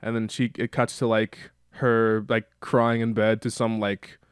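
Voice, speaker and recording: A man's voice: fairly low pitch, flat delivery, measured pace, clear, resonant tone, dry recording, studio quality. A man casually talking through a cartoon script in a rambling way, full of fillers. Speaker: show creator reading a script.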